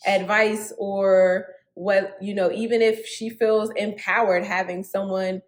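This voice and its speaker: A woman's voice: mid-range voice, flat delivery, unhurried, echoey room. A woman co-hosting a casual recap chat, musing and hesitant, often trailing off mid-thought. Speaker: co-host.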